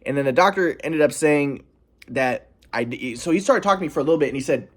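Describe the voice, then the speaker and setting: A man's voice: fairly high pitch, fast talker. Earnest young man recounting a grievance. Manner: earnest, aggrieved, insisting on his calm. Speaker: vlogger. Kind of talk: personal storytelling monologue.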